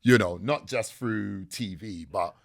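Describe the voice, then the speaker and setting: A man, a podcast guest telling stories in a lively, slangy way. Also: fairly low pitch, moderate pace, creaky. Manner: animated storytelling with slang. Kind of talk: casual podcast interview.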